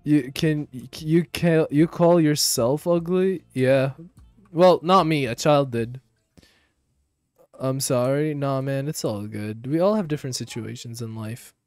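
A young man and streamer telling a story casually while gaming, slangy and profane, dropping to low mumbles and then bursting out loud. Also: unhurried, dry recording, soft background music. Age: young adult. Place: home room.

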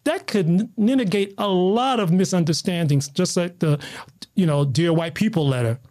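A man from the United States, a guest on a talk show, telling stories in an excitable, animated way with many restarts. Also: high-pitched, normal speed. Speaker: guest, martial artist. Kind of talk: casual conversational storytelling.

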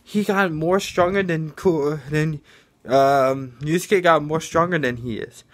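Man, somewhat high voice, loose rambling delivery, improvised fan storytelling. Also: unhurried. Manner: rambling, with many fillers and restarts.

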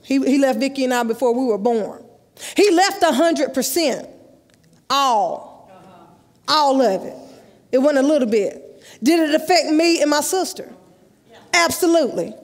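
A woman, telling a lively story in a sermon at a youth conference and acting out the dialogue. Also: high voice, unhurried, pauses often. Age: 30s. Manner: lively, acts out dialogue, laughs often. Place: large church sanctuary, live. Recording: live church hall with long echo.

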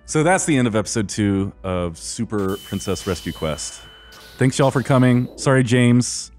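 A man's voice: mid-range voice, expressive, normal speed, darkish tone, soft background music. A man acting as game master, running a tabletop game in a laid-back, amused way.

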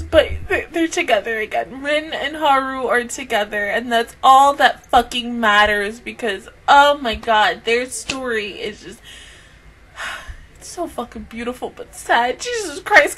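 A woman reviews an anime episode in an overwhelmed, emotional rush, her high voice swinging widely in pitch. She sounds tearful and close to crying, cursing and exclaiming as she talks. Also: animated, a little slow, fairly bright tone, slight background noise. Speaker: anime reaction host.

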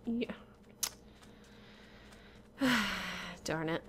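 A woman's voice: mid-range voice, a little slow, slight background noise. A young woman talking to herself while playing a survival game, often laughing and grumbling in exasperation. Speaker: gamer. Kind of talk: Minecraft gameplay commentary.

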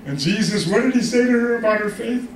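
Male pastor, high voice, animated sermon delivery, recorded from afar in an echoey hall. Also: fairly quick, distant mic, a little hiss or hum. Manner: animated, calls for congregation responses. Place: church hall.

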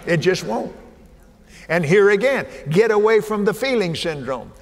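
Older man, preacher, high voice, folksy sermon, fervent shouting, long hall echo. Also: big pitch swings, measured pace. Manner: folksy, joking asides and rising shouted fervor. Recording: reverberant hall with faint ambience.

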